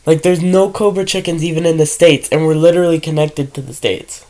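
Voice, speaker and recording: A man's voice: on the high side, fairly even intonation, a little mellow. Rambling, joking guy. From Canada. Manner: rambling, joking, swears freely, breaks into quick imitations. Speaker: podcast co-host. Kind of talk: casual chat.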